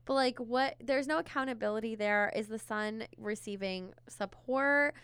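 A woman's voice: fairly high pitch, moderate pace, a bit bright, clean tone, no echo, studio quality. A woman therapist co-hosting a podcast, chatting casually and filling her talk with "like" and "you know.". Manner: conversational, many filler words.

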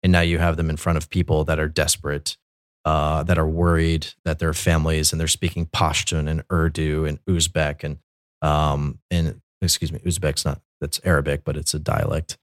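A man's voice: very deep voice, completely flat delivery, normal speed, dry recording, studio quality. A man, a Catholic military chaplain, telling his story in a loose, rambling way with many fillers and restarts. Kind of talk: conversational storytelling.

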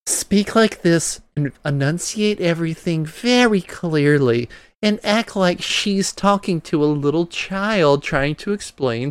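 A man's voice: on the high side, clean tone, no echo. A man hosting a podcast, commenting bluntly and with exasperation on a hearing clip. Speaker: podcast host.

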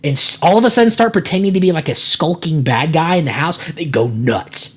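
A man's voice: a little fast, breathy edge. A man co-hosting a podcast, telling stories in casual chat and acting out the people in them. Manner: rambling storyteller, acts out quotes with big jumps in pitch. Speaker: podcast co-host.

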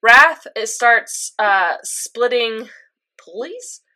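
Chatty bright-voiced young woman. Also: on the high side, drawn-out words. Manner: chatty, animated retelling with frequent fillers. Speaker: co-host recapping an anime episode. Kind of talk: casual chat.

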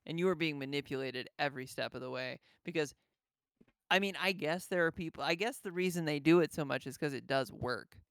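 Smooth-voiced man telling stories. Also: a little high, brisk, fairly bright tone, no room sound, studio quality. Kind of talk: casual chat.

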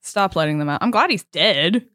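A woman's voice: fairly low pitch, animated, normal speed, bright, forceful tone, no echo, studio quality. A young woman co-hosting a podcast, chatting casually, swearing and laughing, and stumbling over words as she reads out a story. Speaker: podcast co-host. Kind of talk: casual chat, reading out a story.

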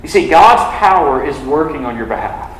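Young male preacher, casual sermon voice, slightly high, filler-heavy, echoing hall. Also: very animated, moderate pace, a bit bright, a little hiss or hum. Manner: conversational, frequent "like" fillers. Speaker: campus ministry preacher. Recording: echoey hall from a distance.

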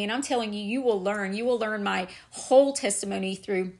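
A woman's voice: mid-range voice, brisk, hardly any pauses. A middle-aged woman with a drawl tells her own faith testimony for a podcast. She speaks earnestly and drives her points home with repetition. Her voice sits in an ordinary middle register. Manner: earnest, emphatic, repeats "I'm telling you". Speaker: podcast host.

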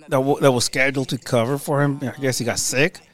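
A man's voice: mid-range voice, steady tone, fairly quick. A man from San Jose co-hosting a radio show, talking in a laid-back, slangy way. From San Jose, California. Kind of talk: casual chat.

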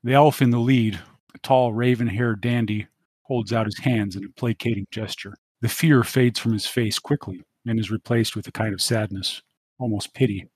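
A man with a slightly husky voice narrates a tabletop game as its game master. His delivery is steady and descriptive. The sound is dry and close. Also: lowish voice, normal speed, no echo.

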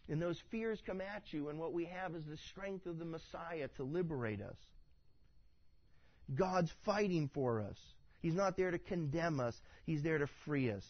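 A man preaching a sermon as pastor, reading scripture dramatically and with great animation. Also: a little high. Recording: dull, dry audio.

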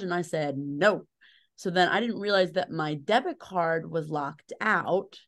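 A woman's voice: fairly low pitch, a little slow. Chatty, self-deprecating woman telling stories. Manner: animated storyteller, self-deprecating, frequent fillers. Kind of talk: casual chat.

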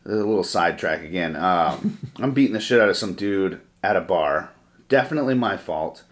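A man telling a rough story in casual podcast chat, profane and rambling, with lots of fillers. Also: sits low, lively intonation, normal speed.

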